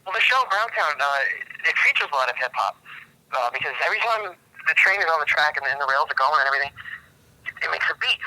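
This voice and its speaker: A man from the American Pacific Northwest, a podcast guest telling absurd stories in a deadpan, halting way. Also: on the high side, a little hiss or hum, low-quality recording. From United States, Pacific Northwest. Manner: deadpan, absurd joking with hesitant restarts. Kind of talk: comedic podcast interview.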